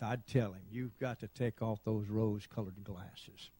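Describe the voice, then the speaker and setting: A middle-aged man preaching a sermon, telling folksy stories and building to loud shouts. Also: lowish voice, steady tone, unhurried, husky, no room sound. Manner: folksy storytelling, dramatic swings to loud shouting. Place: church sanctuary.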